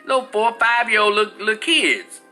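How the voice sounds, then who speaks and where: A high-voiced man in his forties rants through a story, swearing freely and acting out the people in it. His tone is very bright and tense, with faint music underneath. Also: moderate pace. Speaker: commentator. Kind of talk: profane storytelling rant.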